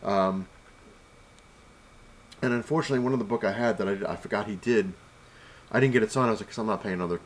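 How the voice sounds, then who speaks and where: A man with a fairly low voice tells a long, rambling story straight to camera, acting out each exchange. He sounds annoyed as he complains. There's a faint hiss of background noise. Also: fast talker, long pauses. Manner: rambling, retells exchanges with "I was like". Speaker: vlogger.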